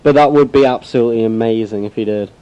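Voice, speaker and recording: A man's voice: mid-range voice, fast talker, warm tone, clear, resonant tone, rough recording. A young man from England co-hosting a casual podcast, chatting eagerly about music and gigs. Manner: eager, enthusiastic. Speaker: podcast co-host. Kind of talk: casual chat.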